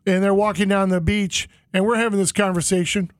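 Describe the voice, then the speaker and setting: A man telling a long anecdote in casual chat, animated and acting out the voices of people in the story. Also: high voice, a little fast, no echo, clean studio sound.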